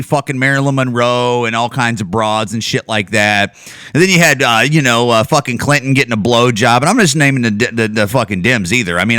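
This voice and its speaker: A man's voice: mid-range voice, pushed and bright, no room sound, clean studio sound. A man hosting a podcast, ranting casually with lots of swearing and restarts. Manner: profane, rambling, many restarts. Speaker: podcast host. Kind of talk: casual rant.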